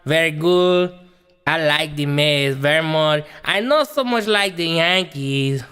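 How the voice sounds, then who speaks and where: A man's voice: on the high side, slow pace, pushed and bright, clear, resonant tone. A man voicing a cheerful immigrant man caller with a mock accent and broken English, in an echoey hall. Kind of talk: comedy sketch role-play.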